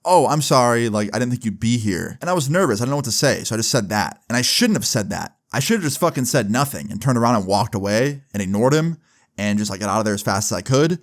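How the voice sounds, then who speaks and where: A man's voice: mid-range voice, lively intonation, quick pace. A man telling a personal school story in a casual storytime vlog, full of swearing and fillers like "right?". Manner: casual, profane, filler-heavy.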